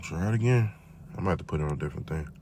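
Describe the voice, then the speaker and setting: A man hosting a podcast, talking in a profane, rambling, casual monologue full of drawn-out repetitions. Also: a bass voice, animated, a little mellow, slight background noise. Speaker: podcast host.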